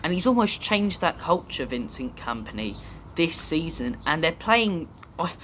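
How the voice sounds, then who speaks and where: A man's voice: fairly high pitch, sing-song, a little slow, fairly bright tone, a little hiss or hum. A young man from the UK hosting a football fan channel, giving chatty, opinionated commentary and drifting off topic at times. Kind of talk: casual fan commentary to camera.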